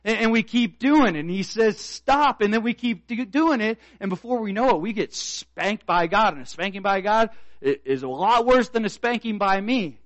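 A man delivers a sermon with earnest conviction. He presses his points through repeated, emphatic questions and calls. His voice sits somewhat high, recorded close and dry with no room sound. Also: animated, normal speed, no echo. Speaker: pastor.

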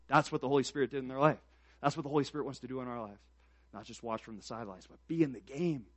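A man preaching a sermon to a congregation, swinging from quiet reflective lines to loud emphatic peaks, with casual asides and fillers. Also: medium pitch, quick pace, no room sound. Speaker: pastor.

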